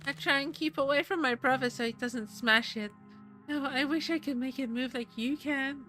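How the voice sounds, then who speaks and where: Sweet possessed girl, as a streamer puts her on: high, bright, wistful, eager. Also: moderate pace, soft background music. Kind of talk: voicing game dialogue.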